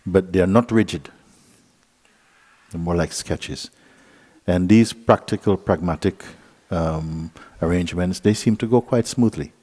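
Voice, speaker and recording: A man giving a relaxed spiritual talk at a retreat, gentle and playful, often laughing as he tells a story. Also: low voice, measured pace. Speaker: spiritual teacher. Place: retreat hall.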